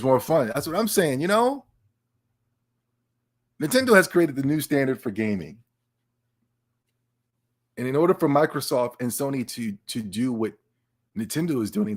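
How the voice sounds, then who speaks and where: Animated excitable man hosting a podcast. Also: mid-range voice. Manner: animated, excitable, repeats and stammers; talks to live chat. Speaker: podcast host. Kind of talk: casual livestream chat.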